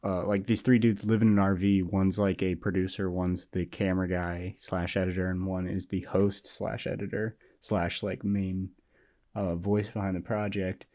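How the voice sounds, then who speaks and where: A man's voice: sits low, moderate pace. A young man co-hosting a podcast, chatting casually and telling stories with lots of "like" fillers. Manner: animated storytelling, acts out quoted people. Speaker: podcast co-host. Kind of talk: casual chat.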